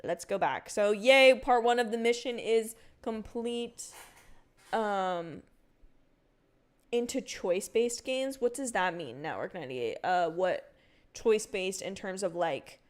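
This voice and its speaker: A young woman streaming a cozy video game, chatting casually with her viewers, rambling with lots of fillers and breaking into excited outbursts. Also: medium pitch, slow. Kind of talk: casual livestream chat while gaming.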